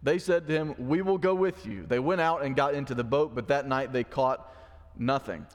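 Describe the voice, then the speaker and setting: A man's voice: medium pitch, moderate pace. Man preaching in a reverberant hall. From Mississippi. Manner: conversational, acts out the quoted lines. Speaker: pastor. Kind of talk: sermon. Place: church sanctuary. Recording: long church hall reverb.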